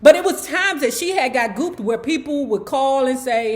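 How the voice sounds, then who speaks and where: Sassy chatty woman, higher voice. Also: expressive, moderate pace, hardly any pauses. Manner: chatty, sassy asides to viewers. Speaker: book club host. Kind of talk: casual storytelling book commentary.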